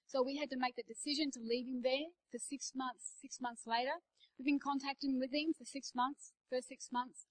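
A woman in her forties preaching to church leaders in a fairly high voice. She talks conversationally, drawing on her own family stories. She drops into quiet asides, then rises into emphatic declarations. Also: fairly even intonation, moderate pace, poor audio. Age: 40s. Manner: personal storytelling, swings between hushed asides and emphatic declarations. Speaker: pastor speaking at a leadership day. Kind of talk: conversational sermon.

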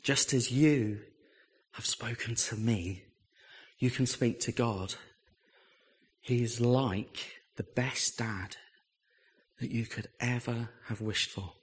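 An English man preaching, telling a personal story with lively, animated delivery and acting out the voices he quotes. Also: medium pitch, slow pace, long pauses. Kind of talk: storytelling sermon.

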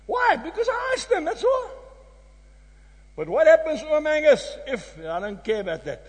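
High-voiced South African preacher, emphatic. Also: male voice, big pitch swings, normal speed. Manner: emphatic, storytelling, swings from loud exclamations to hushed tones. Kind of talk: sermon. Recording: long hall reverb.

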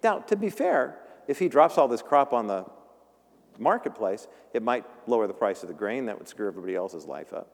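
A man's voice: mid-range voice, sing-song, brisk. A male pastor giving a conversational sermon, joking and acting out the voices in the story. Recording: long reverb of a large room.

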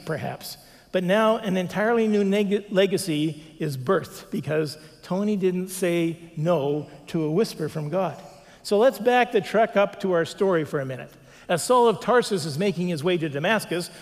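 High-voiced pastor preaching in a hall. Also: male voice. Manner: animated storytelling, acts out quotes. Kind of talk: sermon. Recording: long reverb of a large hall.

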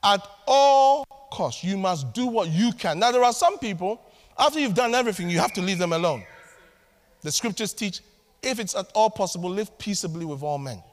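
Animated high-voiced male preacher. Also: moderate pace. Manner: animated, acts out family scenes with voices. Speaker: pastor. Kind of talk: sermon. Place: church hall. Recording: long hall reverb.

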